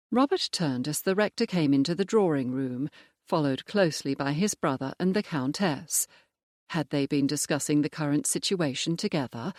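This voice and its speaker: A narrator reading a mystery novel aloud in a steady, even manner. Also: medium pitch, moderate pace, no room sound, clean studio sound. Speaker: audiobook narrator. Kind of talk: scripted narration.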